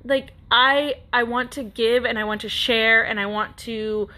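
A woman's voice: on the high side, fairly even intonation, measured pace, pushed and bright. A woman in her thirties hosting a podcast, telling a personal story in an earnest, rambling way with frequent restarts. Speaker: podcast host. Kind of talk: casual personal monologue.

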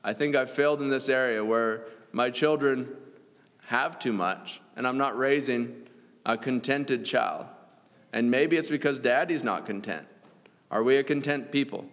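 A man's voice: medium pitch, a little slow, a bit bright. A man preaching a sermon, reading scripture aloud in an earnest way and chuckling now and then. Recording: long church reverb.

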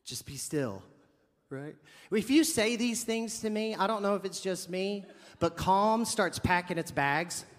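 A man's voice: sits high, a little slow, big-room sound. A man preaching a sermon, telling a funny story with lots of acted-out dialogue and comic asides. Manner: animated, jokey storyteller acting out dialogue.

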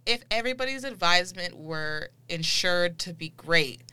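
A young woman co-hosting a laid-back podcast chat. Her voice sits a little low but rings bright and smooth. She talks in an animated, encouraging way and laughs easily. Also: normal speed, no room sound. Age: young adult. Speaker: podcast co-host. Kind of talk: casual chat.

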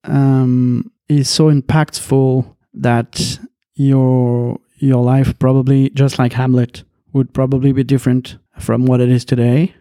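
A man co-hosting a casual podcast chat, speaking in a halting, hesitant way. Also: medium pitch, level tone, dark tone, smooth, dry recording, clean studio sound. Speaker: podcast co-host.

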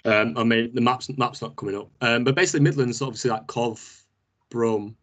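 A man's voice: medium pitch, steady tone, brisk, fairly bright tone. A young man with a Northern English accent, co-hosting a casual chat, full of slangy banter and mock outrage. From Northern England. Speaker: podcast co-host.

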